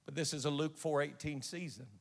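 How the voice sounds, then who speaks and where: A man preaching in a church with a gravelly, slightly raised voice. He tells his story earnestly and stumbles over his own restarts. A long echo rings off the hall around him. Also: fairly high pitch, steady tone, a little fast. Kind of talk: sermon with personal storytelling. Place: church sanctuary.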